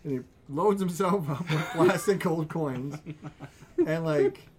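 A man's voice: on the high side, slow, darkish tone. A man hosting a podcast, telling a long party story in a rambling way and laughing as he goes. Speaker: podcast host. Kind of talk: casual storytelling chat.

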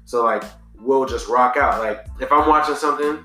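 Man, casual podcast chat, slangy storytelling, forceful bright tone, faint background music. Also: medium pitch, moderate pace, echoey room. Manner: relaxed storytelling, slangy, trails off and restarts. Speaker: podcast co-host.

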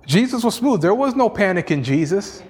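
A man's voice: high-pitched, very animated, moderate pace. A male pastor preaching a sermon in an emphatic, repetitive style, sprinkled with "you know" and small chuckles.

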